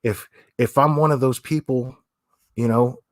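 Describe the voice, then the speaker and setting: A man's voice: medium pitch, steady tone, a little slow, dry recording, clean studio sound. A man hosting a livestream, talking bluntly and opinionated, swearing and repeating phrases as he reads chat. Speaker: livestream host.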